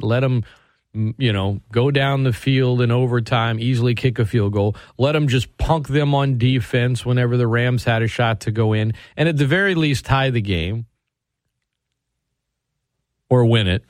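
A man hosting a sports radio show, talking in an animated, sarcastic way and swinging his pitch for emphasis. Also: normal speed, dry recording, clean studio sound. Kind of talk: opinionated sports talk.

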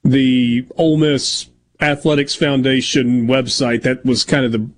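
A man hosting a sports radio talk show and reading live ads in an upbeat, lively way from a studio. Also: medium pitch, a little slow, a little hiss or hum.

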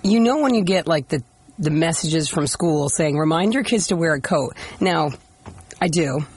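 A woman co-hosting a morning radio show, hoarse from the flu, chatting and teasing and telling stories about her kids in a radio studio. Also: low-pitched, animated, moderate pace, a little mellow. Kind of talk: casual on-air banter.

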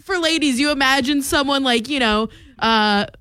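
A woman's voice: sits high, moderate pace, bright, forceful tone. Chatty, playful female radio co-host. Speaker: radio morning show co-host. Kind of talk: casual radio banter. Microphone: studio microphone.

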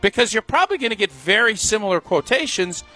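Ex-player guy on sports radio, bright highish voice, laughs a lot, opinionated. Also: fast, faint music behind. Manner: opinionated, laughs often, animated. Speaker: radio co-host and former football player. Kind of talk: casual sports talk.

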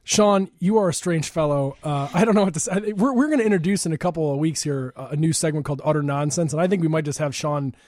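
A man hosting a radio show from a studio, chatty and rambling and quick to laugh. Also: fairly high pitch, a little mellow, no room sound. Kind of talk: casual radio talk.

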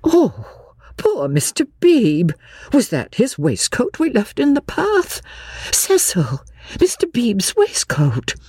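A woman's voice: fairly high pitch, wildly swooping pitch, takes it slowly, warm tone, slightly rough, dry recording, studio quality, pitched above the performer's own voice, full character voice. A woman reading a novel aloud, voicing a proper older mother with shocked exclamations.

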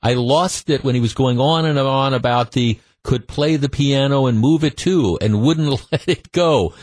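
A man hosting call-in sports radio, venting in an animated, worked-up way and tripping over his words as he restarts sentences. His voice is close and completely dry, with no room sound at all. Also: mid-range voice, normal speed, no echo. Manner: animated, exasperated ranting with frequent restarts. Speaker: radio talk show host. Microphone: studio microphone.

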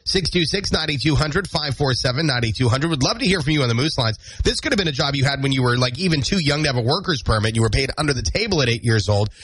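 Lively husky-voiced male radio host. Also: mid-range voice, fast talker, few pauses, low-quality recording. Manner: playful, joking, animated. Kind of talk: casual radio banter. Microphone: studio microphone.

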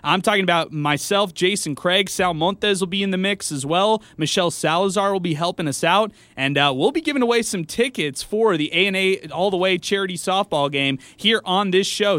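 A man's voice: sits high, a bit bright, no room sound. A man hosting a casual sports talk radio show, chatty and upbeat. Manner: upbeat, chatty, friendly interviewer. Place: radio studio. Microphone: studio microphone.

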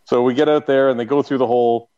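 A man's voice: medium pitch, fairly even intonation, fast talker, warm tone, clear, resonant tone, muffled recording. Chuckling man telling a story. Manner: laughs through his own stories. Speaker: podcast co-host. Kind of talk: casual storytelling.

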